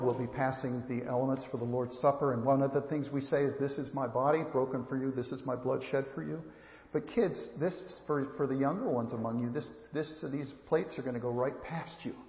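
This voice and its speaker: A man preaching a sermon as pastor, earnest, often repeating and restarting phrases as he speaks straight to the children. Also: medium pitch. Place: church sanctuary. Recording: echoey church hall, slightly dull sound.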